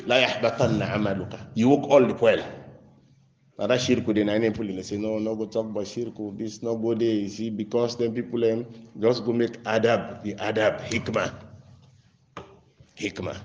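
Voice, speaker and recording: A man with a Nigerian Pidgin accent preaching a sermon. He recites verses slowly, then explains them in a rising, emphatic voice and drops to quiet asides. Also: lowish voice. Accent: Nigerian Pidgin English. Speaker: Islamic preacher. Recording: roomy echo.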